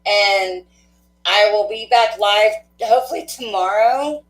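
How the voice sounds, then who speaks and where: A woman hosting a spiritual card-reading livestream, chatting warmly and laughing often, with a stuffy nose. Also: medium pitch, measured pace. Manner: affectionate, chatty, laughs often, many fillers. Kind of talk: casual livestream sign-off chat. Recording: echoey room.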